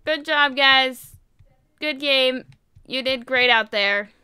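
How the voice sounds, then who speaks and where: Bright, excitable young woman gaming. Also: sits high, takes it slowly, smooth. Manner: excitable, loud, talks to herself while building. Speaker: gaming video host. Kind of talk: casual game commentary.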